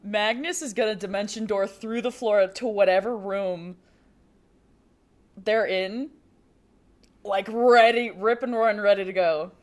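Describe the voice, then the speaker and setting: A woman playing a tabletop game, animated and prone to shrieks and laughter. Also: medium pitch, a little slow, long pauses. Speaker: player. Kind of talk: excited tabletop game play.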